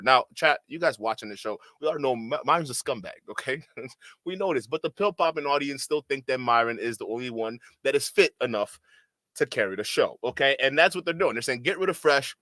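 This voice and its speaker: A man's voice: mid-range voice, expressive, fairly quick, pushed and bright, no echo. A man hosting a casual commentary show, rambling and profane, often tacking on "okay?". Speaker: commentary channel host.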